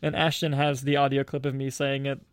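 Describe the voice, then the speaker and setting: Rambling man podcast host, flat delivery. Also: mid-range voice, fairly quick, dry recording. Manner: rambling, self-interrupting, laughs often. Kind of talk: casual podcast chat.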